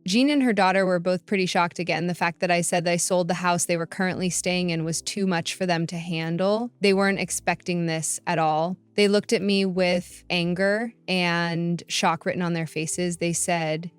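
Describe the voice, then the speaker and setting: A woman's voice: fairly low pitch, steady tone, normal speed, hardly any pauses, clear, resonant tone, dry recording. A woman reading a first-person story in a matter-of-fact narration. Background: faint background music.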